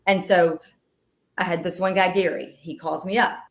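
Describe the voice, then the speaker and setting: A woman, a real estate agent who calls herself an extreme extrovert, telling animated stories as a podcast guest and acting out the dialogue. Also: lowish voice, moderate pace, creaky. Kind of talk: casual interview storytelling.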